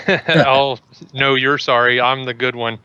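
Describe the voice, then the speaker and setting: A man's voice: mid-range voice, level tone, slow pace, sharp tone, clear, resonant tone, no echo, muffled recording. A man chatting on a casual podcast, easygoing and laughing often.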